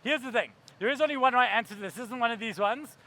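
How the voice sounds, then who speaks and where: A man's voice: very high voice, quick pace, sharp tone. A man giving a keynote talk on stage, brash and profane, acting out voices for comic effect. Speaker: keynote speaker.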